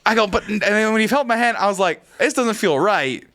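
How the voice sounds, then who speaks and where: Lively high-voiced man telling a story. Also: brisk, slight background noise. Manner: animated, acts out voices in anecdotes, laughs often. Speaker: podcast co-host. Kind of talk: casual storytelling.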